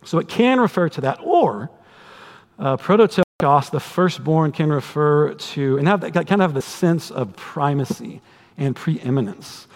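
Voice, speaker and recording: A man preaching a sermon to a congregation, conversational and animated, with humorous asides. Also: medium pitch. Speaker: pastor. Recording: long hall reverb.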